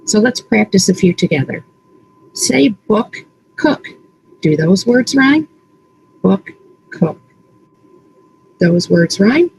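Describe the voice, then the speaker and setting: A woman literacy coach leading an early-reading lesson, saying words slowly and stretching out their sounds. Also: on the low side, darkish tone, a little hiss or hum, rough recording. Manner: slow, deliberate, exaggerated word sounds. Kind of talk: slow instructional teaching, modeling sounds.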